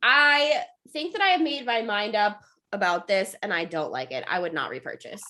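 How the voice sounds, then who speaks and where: A woman's voice: mid-range voice, animated, moderate pace, bright, forceful tone. A woman co-hosting a podcast in casual sports chat, opinionated and emphatic. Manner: opinionated, emphatic, cheers her co-host on. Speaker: podcast co-host.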